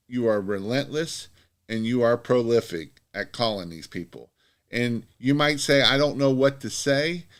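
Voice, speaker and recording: A man giving casual business advice on a live stream, rambling and repetitive, with many fillers and restarts, urging listeners on. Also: medium pitch. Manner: earnest, pep-talk urging. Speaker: Christmas light business owner giving advice.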